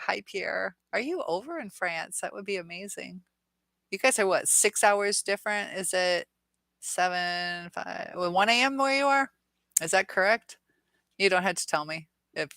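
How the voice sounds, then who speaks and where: Bright-voiced chatty woman hosting a live chat. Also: mid-range voice. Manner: chatty, laughs often, reads viewer comments aloud. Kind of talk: casual live-stream chat reading comments.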